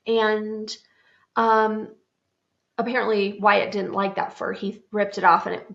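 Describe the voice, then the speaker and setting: A woman's voice: medium pitch, vocal fry, fairly bright tone, highs cut off. A woman hosting a podcast, telling a personal story in a chatty, frank, self-mocking way. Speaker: podcast host. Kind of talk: casual storytelling monologue.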